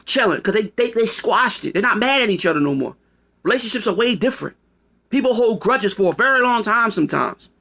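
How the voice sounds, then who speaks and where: Bright, high-voiced man ranting casually. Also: animated, fairly quick, creaky. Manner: profane, rambling, emphatic. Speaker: video commentator. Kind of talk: casual opinion monologue.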